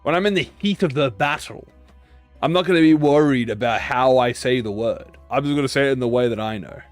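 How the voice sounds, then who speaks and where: Faint music plays behind a streamer whose medium-pitched voice moves fairly quickly. Chatting casually with his viewers during a game, he rambles along, making fun of himself and cursing freely in his live-stream commentary.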